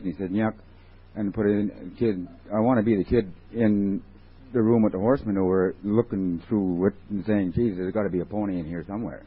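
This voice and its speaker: A man with a low, husky voice shares his story at a recovery meeting, rambling and wry as he questions himself. The sound is thin and tinny, from an old 1980s tape. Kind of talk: personal sharing at a meeting.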